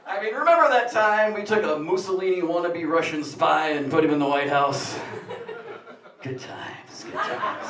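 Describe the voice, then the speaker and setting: A man's voice: a little high, noisy background. A man doing punchy, upbeat stand-up comedy on a small café stage, recorded from a distance in an echoey room with the audience around him.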